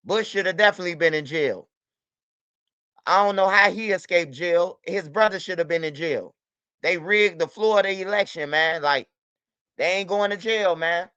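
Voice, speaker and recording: A man's voice: high voice, moderate pace, sharp tone, smooth, dry recording, highs cut off. A man hosting a livestream, talking loosely and profanely in repeated street slang, addressing his chat by name. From United States. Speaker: livestream host. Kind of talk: casual livestream talk.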